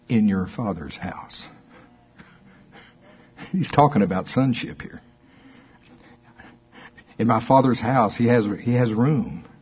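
A middle-aged man preaching a sermon as pastor, getting excited and laughing, slowing down to read scripture. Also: lowish voice, slightly rough. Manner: excitable, laughs often, reads scripture slowly. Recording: dull lo-fi recording.

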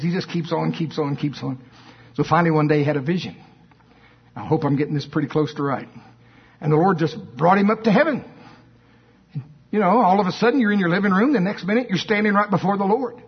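A male preacher telling a story in an emphatic, animated sermon, with asides to the congregation. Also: high-pitched, quick pace, breathy edge. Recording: dull lo-fi sermon recording.

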